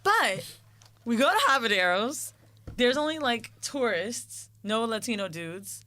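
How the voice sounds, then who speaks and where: A woman in casual podcast chat tells a frank, profane story and acts out the other people in it. Her voice is bright and forward at an average pitch, recorded dry and close with little room sound. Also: expressive, a little slow, no echo. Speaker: podcast co-host.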